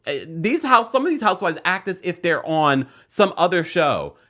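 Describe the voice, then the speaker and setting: A man hosting a casual reality TV recap show, chatting and reading a sponsor spot. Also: normal speed. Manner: animated, chatty, jumps up in pitch for emphasis.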